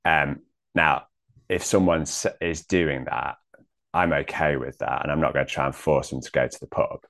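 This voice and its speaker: A man in a casual theological discussion, thinking aloud with many pauses and restarts. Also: extremely low pitch, steady tone, creaky, a bit bright. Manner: hesitant, many ums and restarts.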